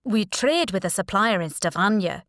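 A woman voicing a middle-aged fishing boat skipper who answers plainly and calmly. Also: mid-range voice, normal speed, no room sound, clean studio sound, close to an everyday voice. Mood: steady. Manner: plain, matter-of-fact answers.

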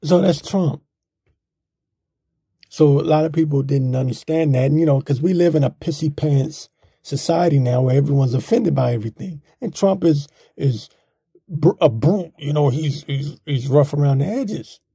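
A man's voice: on the high side, moderate pace, mellow, breathy edge, dry recording, clean studio sound. A man giving a casual, rambling political opinion monologue in a blunt, mocking manner. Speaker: political commentator.

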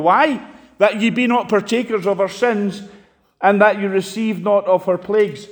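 A man preaching a sermon, impassioned, swinging sharply between loud and quiet. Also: steady tone, normal speed. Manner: impassioned, rises and drops sharply in pitch and volume. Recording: long hall reverb.

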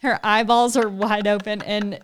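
A woman's voice: medium pitch, steady tone. A young woman co-hosting a casual podcast over a video call, chatty and laughing often. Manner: bubbly, laughs often, quick asides. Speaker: podcast co-host. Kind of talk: casual chat. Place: home room.

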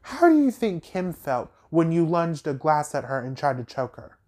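This reality TV recap podcast host has a fairly high-pitched voice and talks at a moderate clip. He rants casually about the drama with animated emphasis, dropping sassy remarks and pointed questions.

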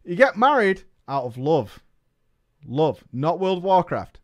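A man with a voice higher than most men's reads a story aloud for his stream. He takes it slowly and breaks off to swear, laugh and joke with his viewers. His reactions run loud and animated. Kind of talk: reading a story aloud with live commentary.

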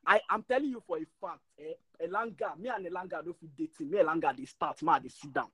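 A man's voice: a little high, quick pace, a bit bright, breathy edge, low-quality recording. A man, ranting passionately in a casual podcast chat and stumbling over repeated words when worked up. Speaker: podcast co-host.

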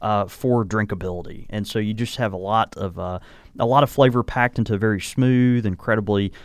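A man's voice: lowish voice, a little fast, clear, resonant tone, no room sound. A man hosting a casual podcast chat, talking in an easygoing way while tasting and reviewing whiskey in a small home studio. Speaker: podcast host.

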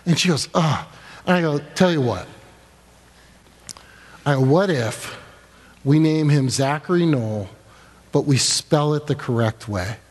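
A man's voice: fairly high pitch, unhurried, pauses often. A man preaching a sermon to a congregation, telling a funny personal story and acting out the dialogue in voices. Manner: animated, acts out dialogue in quoted voices. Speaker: pastor. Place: church sanctuary before a congregation. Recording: long echoing reverb of a large hall.

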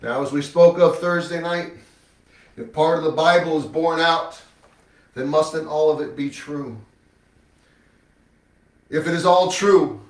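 Man preaching, fairly high voice, emphatic, rhetorical questions, roomy echo, mic set back. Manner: emphatic, rhetorical questions, swings between loud and hushed. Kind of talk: sermon with scripture reading. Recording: echoey room, mic at a distance.

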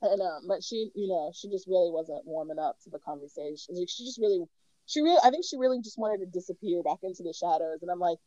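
A woman's voice: on the low side, animated, fast, dark tone, no echo, muffled recording. A woman co-hosting a casual chat, telling stories animatedly and laughing often. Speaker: podcast co-host.

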